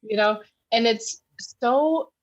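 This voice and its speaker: A woman, a sugar detox coach, telling lively stories in a casual podcast interview and acting out what people said. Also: on the high side, slow, lo-fi sound. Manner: animated storytelling, acts out quotes.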